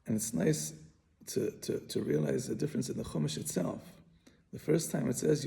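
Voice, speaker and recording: A man's voice: a little high, normal speed, gravelly, warm tone. A man teaching a Bible commentary lesson, patiently explaining and often repeating and restarting his phrases. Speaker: Torah teacher.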